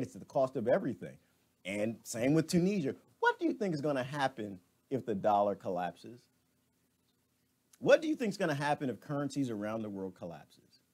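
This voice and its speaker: Brief: male streamer, mid pitch, swooping all over, jokey and rambling, off-the-cuff commentary. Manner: jokey, rambling, laughs at himself. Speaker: live stream host.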